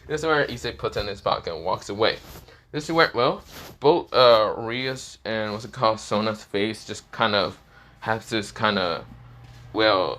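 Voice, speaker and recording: A man spins a fan-fiction tale off the cuff, his voice on the low side. He rambles through fillers and self-corrections as he goes, loose and unscripted. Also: animated, moderate pace, fairly bright tone. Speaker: storyteller. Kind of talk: improvised fan-fiction narration.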